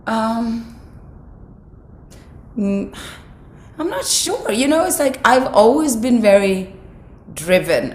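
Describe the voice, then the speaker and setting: A woman with a raspy, husky, slightly broken voice, speaking English as a second language in a casual interview, reflective and full of "like" fillers. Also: fairly low pitch. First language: not English. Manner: reflective, many "like" fillers, restarts. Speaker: actress, interview guest. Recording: roomy sound with faint background ambience.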